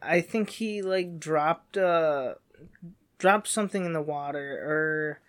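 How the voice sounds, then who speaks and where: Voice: medium pitch, slow pace. A young adult co-host telling a story in casual chat, rambling with many fillers and restarts.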